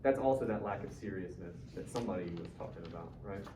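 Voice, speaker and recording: A fast-talking male high school English teacher with a low, dark-toned voice leads a casual, joking discussion and quizzes his class. Recorded from far away in a roomy classroom, the audio is dull and carries faint noise.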